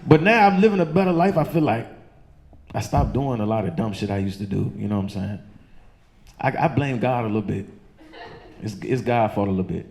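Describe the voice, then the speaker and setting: A man from doing loose, profane stand-up storytelling on a comedy club stage, jumping into high squeaky voices for the people in his story. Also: expressive, fairly quick, creaky, long pauses, a little mellow, slight background noise. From Chesterfield County, Virginia.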